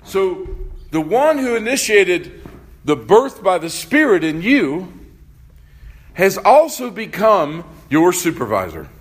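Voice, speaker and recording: Man, pastor, sermon, unhurried delivery, slightly high pitch, questions to congregation. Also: big pitch swings, slightly rough.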